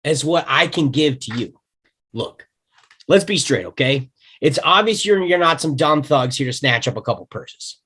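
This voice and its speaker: Male actor reads a smug fast-talking yuppie dealmaker, salesman patter. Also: fairly high pitch, animated, sharp tone, slightly rough, full character voice. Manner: brash, wheedling salesman patter. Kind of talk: table read.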